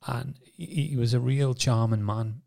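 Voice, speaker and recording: A man's voice: medium pitch, a little slow, creaky, a little mellow. A man telling his story on a podcast in a rambling way, full of restarts and fillers. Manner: rambling, many restarts and "you know" fillers. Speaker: podcast co-host. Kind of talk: casual personal testimony.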